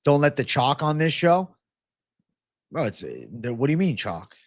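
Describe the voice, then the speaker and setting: A man's voice: a little high, big pitch swings, normal speed, no room sound. Profane, rambling male stream host. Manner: profane, rambling, flares into ranting. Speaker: livestream host. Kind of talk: live betting-picks stream talk.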